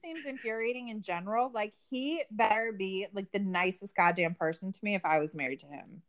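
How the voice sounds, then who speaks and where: A woman's voice: mid-range voice, fairly quick, fairly bright tone. A woman co-hosting a casual true-crime recap, sarcastic and profane, full of "like" fillers. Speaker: podcast co-host.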